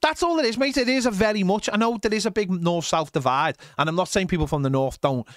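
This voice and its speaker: A man's voice: high-pitched, quick pace, dry recording. Chatty Scouse man, dry close sound. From Liverpool, England. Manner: emphatic and chatty, says "mate" often. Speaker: podcast co-host. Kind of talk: casual chat.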